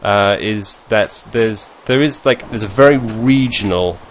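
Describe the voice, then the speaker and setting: There's slight background noise as a man from northeast England, speaking in a lowish, unhurried voice with a northern English accent, chats casually to his viewers. This vlogger, sharing his screen, rambles, corrects himself mid-sentence and laughs softly in asides.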